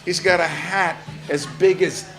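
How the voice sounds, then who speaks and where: An older man telling a true story live, animated, profane and often laughing. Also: high-pitched, a little slow, crowd noise.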